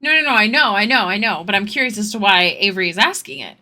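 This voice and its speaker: Young woman streaming, chatting w/ viewers while drawing, kinda rambly, bright sharp voice. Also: mid-range voice, expressive, fast talker. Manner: chatty, answering chat with rambling asides.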